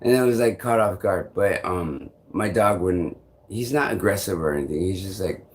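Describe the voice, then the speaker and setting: A man's voice: low voice, normal speed. A man vlogging, telling a long frustrated story in a rambling, profane way. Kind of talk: casual storytelling to camera.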